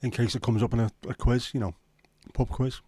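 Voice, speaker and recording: A man's voice: medium pitch, steady tone, fairly quick, mellow, breathy edge, dry recording. A man with a Liverpool accent hosting a casual livestream chat, rambling and sweary as he banters with viewers. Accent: Scouse. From Liverpool, England. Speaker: livestream host.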